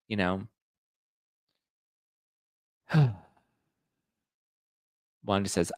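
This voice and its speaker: A man's voice: fairly low pitch, sing-song, takes it slowly, vocal fry, long pauses, a bit bright, no room sound, studio quality. A man hosting a casual gossip podcast, chatting and reading out audience comments. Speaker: podcast host. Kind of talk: casual pop-culture gossip chat.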